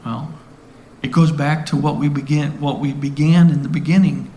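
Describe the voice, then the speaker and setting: A man's voice: a little high, steady tone, normal speed, mellow, echoey room, slight background noise. A man giving earnest, conversational Bible teaching, often asking the listeners questions. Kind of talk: sermon-style Bible teaching.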